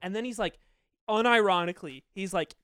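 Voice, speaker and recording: A man co-hosting a podcast, telling stories in casual chat, animated and laughing often. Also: sits high, a little fast, clean tone, dry recording, clean studio sound. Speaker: podcast co-host.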